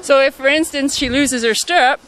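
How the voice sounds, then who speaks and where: A woman representing a saddle maker, explaining products quickly and casually and laughing easily. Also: high-pitched, crowd noise.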